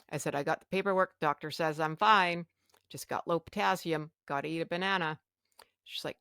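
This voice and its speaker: A woman with a lowish, gravelly voice hosts her own podcast. She tells her story candidly and bluntly, playing out each exchange of dialogue. The sound is dry and close, with no room around her. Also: moderate pace, sharp tone, no room sound. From Canada. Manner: blunt, frank, acts out quoted dialogue. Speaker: podcast host.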